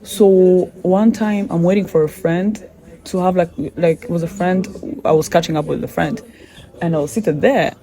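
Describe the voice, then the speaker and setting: Mellow-voiced woman telling stories animatedly. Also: lowish voice, moderate pace. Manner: animated, often quotes herself in dialogue. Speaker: guest. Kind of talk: casual storytelling conversation.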